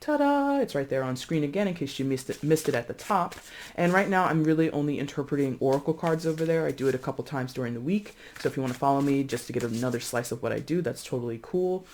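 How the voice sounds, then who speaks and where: A tarot reader in a casual, chatty reading to camera, expressive and full of fillers and restarts, calling viewers friends. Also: medium pitch, fast, slight background noise. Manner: breezy, addresses viewers as friends.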